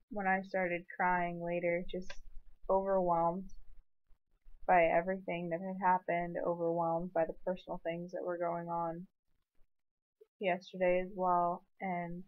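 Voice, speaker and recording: A woman's voice: on the low side, narrow, tinny audio. A young woman in a personal vlog, telling an emotional story in an earnest, rambling way. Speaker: vlogger.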